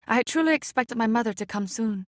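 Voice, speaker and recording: A woman reading an audiobook chapter aloud in a measured, expressive way. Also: fairly high pitch, dry recording, studio quality. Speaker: audiobook reader. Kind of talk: scripted narration.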